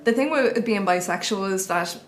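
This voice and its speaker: A woman's voice: medium pitch, moderate pace. A young woman with an Irish accent, telling her own story to camera in a candid, chatty way. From Ireland. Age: young adult. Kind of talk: personal testimony to camera.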